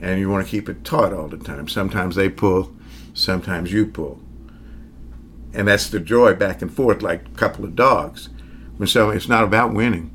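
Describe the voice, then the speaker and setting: An older man with a Southern drawl and a lowish voice talks easily about his work as a magician, often chuckling as he trails off and restarts. Faint ambience hums behind him. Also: normal speed, fairly bright tone, a little hiss or hum. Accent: Southern American. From American South. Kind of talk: casual interview.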